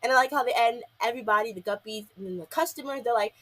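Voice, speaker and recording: A woman's voice: a little high, racing, a bit bright, rough recording. A young woman reviewing a cartoon episode in a casual, rambling recap full of fillers.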